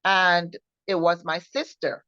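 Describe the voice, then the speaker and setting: A woman co-hosting a faith show, recounting her personal testimony in an earnest, halting way with many restarts. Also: lowish voice, flat delivery, sharp tone, no echo. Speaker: co-host sharing her testimony. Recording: dull, muffled sound.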